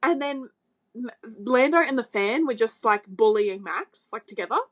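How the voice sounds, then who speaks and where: A woman's voice: on the high side, animated, moderate pace. A young Australian woman co-hosting a casual podcast, rambling through stories with lots of fillers. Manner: rambling storyteller, lots of likes and ums. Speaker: podcast co-host. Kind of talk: casual chat.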